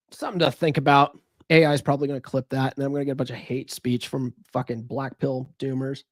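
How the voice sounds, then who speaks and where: A man's voice: fairly high pitch, dry recording, studio quality. A man hosting a podcast as a relationship coach, talking in a rambling casual monologue, swearing and breaking off his own sentences. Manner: rambling, profane, self-interrupting.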